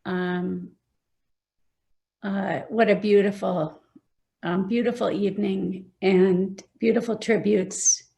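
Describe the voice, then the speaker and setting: A woman's voice: medium pitch, fairly even intonation, takes it slowly, creaky, warm tone. A woman speaking hesitantly, with many fillers, at a memorial on a video call. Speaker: family member at a memorial. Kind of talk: memorial remarks.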